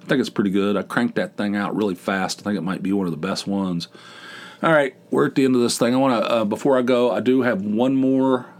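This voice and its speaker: A man's voice: fairly low pitch, fairly quick, a little mellow. A man hosting his own podcast in a casual, rambling, self-deprecating monologue, with a big dopey voice and many restarts. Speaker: podcast host.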